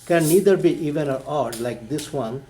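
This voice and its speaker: A man's voice: on the high side, expressive, moderate pace, mellow, slight background noise. A man asking his teacher questions in a math class. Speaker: student.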